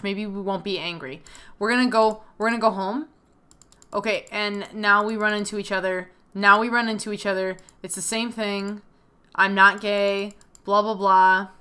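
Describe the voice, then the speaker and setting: A young woman giving expressive, chatty let's-play commentary, often exclaiming. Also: mid-range voice, clean tone. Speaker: game streamer.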